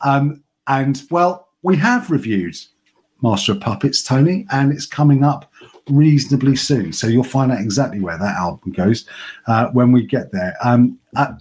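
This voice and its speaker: A man's voice: medium pitch, moderate pace, a little mellow. A man hosting a music podcast, chatting casually and joking with a bit of swearing. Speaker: podcast host.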